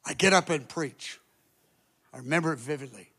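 A man preaching as a pastor, telling a story in an animated way, jumping from loud outbursts to hushed asides and acting out the people in it. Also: a little high, moderate pace. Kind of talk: sermon storytelling.

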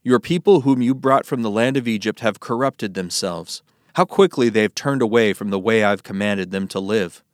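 A man's voice: fairly low pitch, normal speed, no echo, clean studio sound, close to an everyday voice. A man voicing God as a stern, wrathful divine figure in a solemn Bible reading.

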